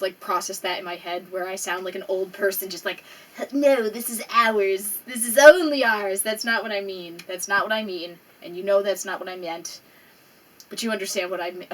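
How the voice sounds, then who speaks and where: Speaking in a mid-range, fairly bright voice, a young woman who runs a small YouTube channel vlogs casually to her modest following. Her talk is emotional and rambling, full of swearing, as she holds back tears, recorded on a slightly distant mic with faint noise behind her.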